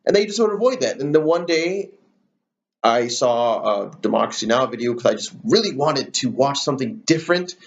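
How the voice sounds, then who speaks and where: A man's voice: medium pitch, animated, a little fast, vocal fry, dull audio, a little hiss or hum. A man hosting his own political commentary channel, ranting heatedly with plenty of swearing and fillers. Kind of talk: solo rant to camera.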